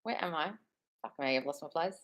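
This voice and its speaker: A woman's voice: sits low, fairly quick, a bit bright. A woman hosting a live stream as a manifestation coach, reading viewer comments aloud, swearing freely and calling viewers darling. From United Kingdom.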